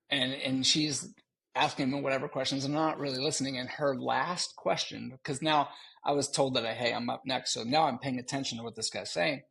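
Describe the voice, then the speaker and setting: Gravelly, husky-voiced man telling stories. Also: medium pitch. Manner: animated, laughing, slips into joking voices. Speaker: podcast co-host. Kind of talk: casual storytelling chat.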